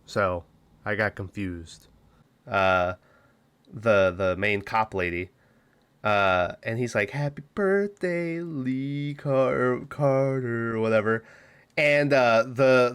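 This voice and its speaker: A man's voice: on the low side, fairly bright tone. A man co-hosting a movie podcast, casually retelling scenes with rambling restarts and frequent laughs. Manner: rambling, laughs often, acts out movie lines. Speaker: podcast co-host. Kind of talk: casual movie review chat.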